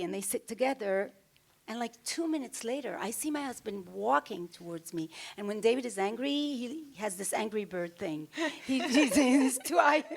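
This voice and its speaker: A woman telling stories in an onstage interview, animated and casual, with fillers and restarts. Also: on the high side, vocal fry. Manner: animated, acts out other people's lines in the stories. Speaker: fashion designer giving an onstage interview. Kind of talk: anecdotal storytelling.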